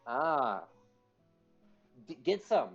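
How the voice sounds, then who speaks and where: A man's voice: on the high side, very animated, very slow. Joking man playing a tabletop game. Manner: joking, swears freely. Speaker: player. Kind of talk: casual tabletop game chat. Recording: dull lo-fi sound with faint music.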